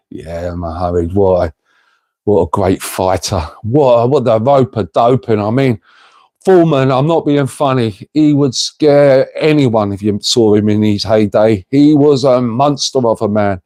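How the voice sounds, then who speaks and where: A man's voice: lowish voice, a little slow, mellow, no echo. A middle-aged man hosting a casual livestream, rambling and chatty as he reads out viewers' comments and calls them mate. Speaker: livestream host reading chat.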